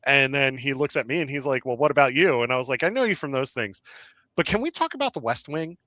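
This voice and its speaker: A man, a podcast host, telling animated anecdotes in casual chat with lots of fillers. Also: mid-range voice, quick pace, dry recording.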